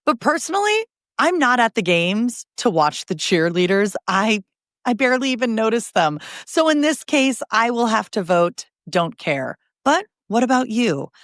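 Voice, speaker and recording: A woman hosting a news podcast, reading headlines briskly and adding chatty asides between stories. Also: on the high side, animated, no room sound, studio quality.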